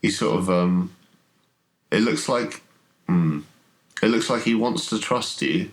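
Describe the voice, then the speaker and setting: A man with a very low voice who narrates a horror tabletop game as game master. He describes scenes haltingly, stopping and restarting as he goes. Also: animated, poor audio. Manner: hesitant, halting description full of fillers.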